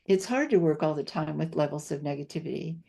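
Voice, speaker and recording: Older woman guest, low mellow voice, earnest and reflective, leans on repetition. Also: animated, fast talker, creaky, husky. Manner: earnest, reflective, repeats key phrases for emphasis. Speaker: podcast guest, homeopath. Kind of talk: interview conversation.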